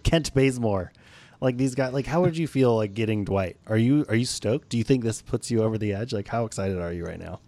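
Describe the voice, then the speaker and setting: A man's voice: fairly low pitch, darkish tone. A man co-hosting a casual sports podcast, joking and laughing often, loose and a little profane. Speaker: podcast co-host.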